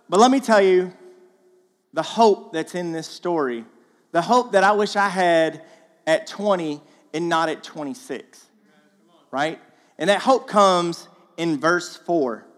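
A man giving a sermon as a guest speaker in a church, in an animated, casual way with slang, acting out the voices in the story. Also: sits high, takes it slowly, long pauses, big-room sound. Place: church auditorium.

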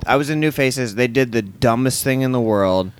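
A man's voice: mid-range voice, normal speed, clear, resonant tone. A man, a comedian, telling a rambling, profane anecdote in drunken casual chat in a hotel room, acting out the lines of the people in it. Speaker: comedian guest.

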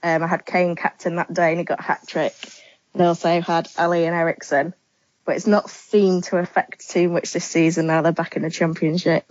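A woman guest on a casual podcast interview, answering in a relaxed, chatty way with many ums. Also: fairly low pitch, fairly quick, no echo. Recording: dull lo-fi sound.

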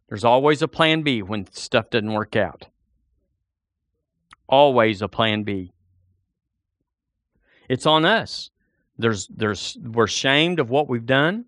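Male pastor preaching a lively sermon in church, dry close sound. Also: mid-range voice, slow pace, long pauses, no room sound. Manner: animated preaching, acts out a doubter's inner voice.

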